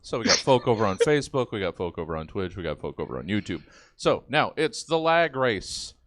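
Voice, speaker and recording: A man on an improv comedy live stream, reading viewer suggestions aloud with a lively, laughing manner over a video call. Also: lowish voice, a little fast.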